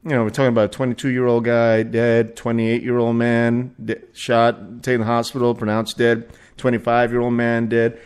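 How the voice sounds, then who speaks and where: A man's voice: medium pitch, completely flat delivery, moderate pace, clean tone. A man in his forties talks off the cuff on his own podcast, swearing freely and tripping over restarts. His delivery is loose and rambling, with chuckles slipped between thoughts. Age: 40s. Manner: rambling, profane, frequent restarts and laughs. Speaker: podcast host. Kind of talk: casual solo podcast rant.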